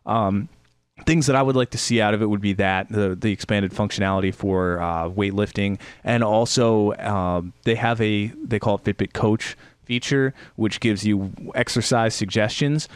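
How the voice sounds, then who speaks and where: A man's voice: on the low side, moderate pace, smooth, no echo. A man co-hosting a podcast, reviewing a product in casual chat, rambling with fillers and restarts. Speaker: podcast co-host.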